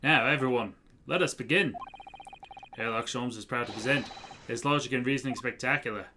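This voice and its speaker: A man's voice: medium pitch, brisk, sharp tone, a little hiss or hum, natural voice. A man reading as a grandiose eccentric detective. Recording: game music behind voice.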